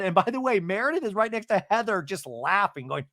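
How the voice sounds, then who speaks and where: A man's voice: sits high, very animated, a little fast, few pauses, a bit bright, no room sound, studio quality. A man hosting a podcast, giggling through a gossipy comedic recap of a reality show and acting out the lines he quotes.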